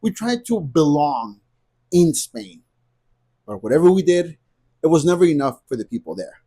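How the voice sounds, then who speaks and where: A man's voice: fairly high pitch, big pitch swings, normal speed, mellow, slightly rough. A man in his thirties talking to camera in a casual vlog, emphatic and repetitive as he rants. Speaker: vlogger.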